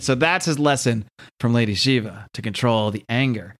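In studio-quality audio with no echo, a man with a mid-range, fairly even, fairly quick voice co-hosts a podcast recapping a comic series. The chat is casual and rambling; he laughs often and reads quotes in put-on voices.

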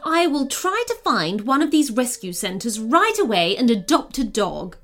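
A woman's voice: on the high side, sing-song, normal speed, fairly bright tone. Woman doing a serious red panda queen. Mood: regal. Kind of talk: storybook reading.

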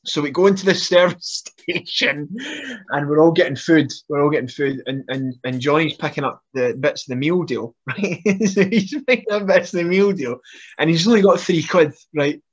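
A man telling stories in an animated, casual way, laughing now and then and often starting his sentences over. His voice sits a little high for a man. The recording sounds dull and slightly muffled. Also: moderate pace, breathy edge. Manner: animated, laughs through stories, frequent restarts. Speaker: podcast guest, wrestler. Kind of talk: casual storytelling.

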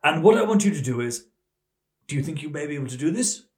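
A man playing a pompous, self-important male boss in a comic phone-call role-play, speaking slowly and grandly. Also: a little high, sing-song, echoey room. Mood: scheming.

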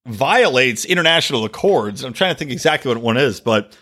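A man's voice: medium pitch, lively intonation, brisk, pushed and bright. A man hosting a solo political podcast, delivering opinionated, profane and sarcastic rants. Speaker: podcast host.

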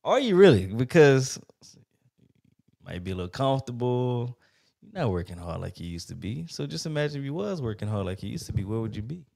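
Lively gravelly man telling stories on a podcast. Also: medium pitch, a little fast. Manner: animated, slangy storytelling with swearing. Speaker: podcast co-host. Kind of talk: casual podcast conversation.

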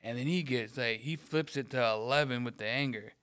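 A man's voice: medium pitch, a little fast, a bit bright, clean tone. A man telling a rambling workplace story in casual chat, swearing freely and acting out what others said. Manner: mimics others in quoted lines. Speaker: podcast co-host.

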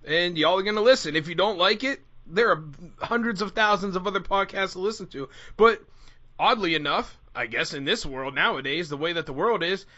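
A man's voice: high-pitched, fairly quick, sharp tone, highs cut off. A man hosting a casual podcast, talking in a hyped-up way and prone to going off on rants. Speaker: podcast host.

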